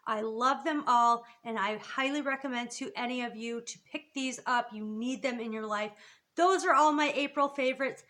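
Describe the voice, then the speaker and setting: A woman's voice: a little high, moderate pace, pushed and bright. A young woman reviewing her favorite beauty products in a vlog, gushing with enthusiasm. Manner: gushing, enthusiastic, lots of "so" and "just". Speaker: beauty vlogger.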